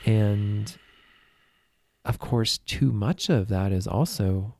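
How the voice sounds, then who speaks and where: A man, a musician guest on a podcast, speaking gently with searching, hesitant phrasing. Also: lowish voice, slow pace. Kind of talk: casual heartfelt conversation.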